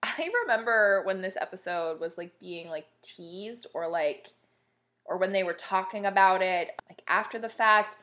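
A woman's voice: medium pitch, normal speed, a bit bright. A young woman co-hosting a podcast in casual chat, chatty with lots of fillers and frequent laughs. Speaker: podcast co-host.

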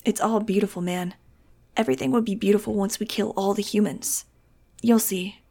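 Woman reading fanatical teen boy, dreamy, earnest, gravelly, storybook reading. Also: mid-range voice, fairly even intonation, moderate pace. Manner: dreamy, earnest, then shouting. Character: dazed teenage boy, fanatical cult follower.

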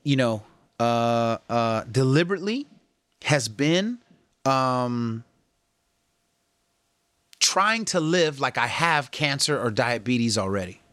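A fitness and health vlogger talks casually to the camera in a medium-pitched, slow voice with long pauses and no room sound. His motivational delivery is earnest and slangy as he coaches and encourages viewers about health, getting animated whenever he quotes other people.

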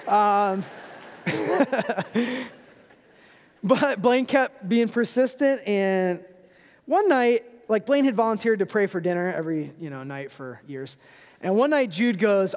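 High-voiced man preaching in echoing church. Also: animated, normal speed, a little mellow. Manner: humorous storytelling, conversational. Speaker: guest preacher. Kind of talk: sermon with family stories. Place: church sanctuary.

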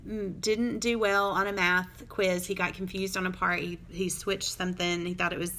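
Bright chatty woman in her 30s, laughs a lot, gets teary telling stories. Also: fairly low pitch, level tone, normal speed. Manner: chatty, laughs often, emotional storytelling. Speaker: podcast co-host. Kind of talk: casual chat.

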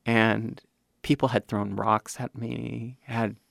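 A man's voice: medium pitch, level tone, takes it slowly, vocal fry, a bit bright, no echo, studio quality. A man in his fifties from Kansas City, an actor giving a candid, emphatic interview and acting out the voices he quotes. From Kansas City, USA.

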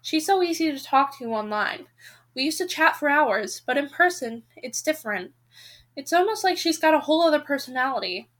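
Shy awkward teen boy, kinda hesitant and sorry-sounding, high light voice , woman reading him out. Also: expressive, brisk, fairly bright tone. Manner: hesitant, apologetic. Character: shy earnest teenage boy with a crush. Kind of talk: audiobook-style reading aloud.

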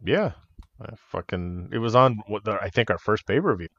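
Low-voiced man swapping wrestling stories. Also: lively intonation, moderate pace, fairly bright tone. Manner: laughs often, swears freely, acts out quotes. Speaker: podcast co-host, wrestler. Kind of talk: casual chat, storytelling. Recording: dull, muffled audio.

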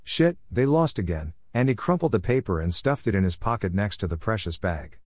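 A man narrating a short story in a steady, even reading voice, in a close, dry recording. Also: on the low side, brisk, dry recording.

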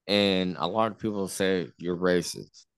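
A man's voice: sits low, fairly even intonation, unhurried, smooth. A man in casual podcast chat, often restarting his sentences while he searches for words.

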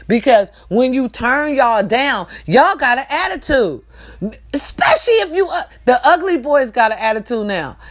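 A woman rants in a comic, scolding tone, swearing freely as she lectures her listeners. Her voice sits a little high and swings widely as she drives her points home, loud and animated. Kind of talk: comedic rant.

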